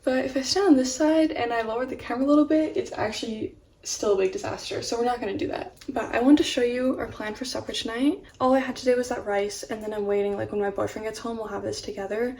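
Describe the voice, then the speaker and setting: A woman's voice: on the high side, steady tone, fast, darkish tone. Chatty young woman vlogging from across the room. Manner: chatty, rambling, many "like" fillers. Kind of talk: casual home vlog chat. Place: at home, in a room with a mini fridge. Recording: distant home camera with faint fridge hum. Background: humming mini fridge.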